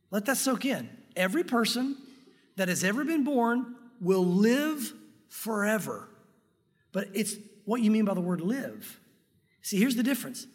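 A man preaching a sermon from a church sanctuary, earnest and emphatic, slowing down to read scripture aloud. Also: high voice, fairly bright tone, husky. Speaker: pastor. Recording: long reverb of a large hall.

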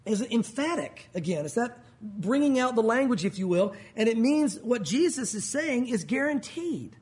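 A man's voice: high voice, expressive, normal speed, darkish tone, husky. A man preaching a sermon as pastor, conversational and emphatic, mixing jokes with teaching.

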